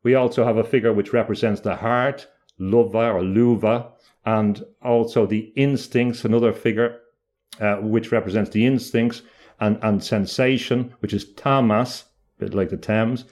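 A man speaking as an interview guest, explaining ideas in a reflective, halting way, often restarting mid-phrase with small pauses. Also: lowish voice, steady tone, darkish tone.

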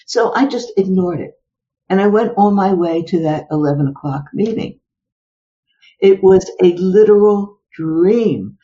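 A woman's voice: medium pitch, animated, measured pace, warm tone. An older woman, a psychologist being interviewed, recounting personal stories with exclamations and rhetorical questions. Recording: dull lo-fi recording.

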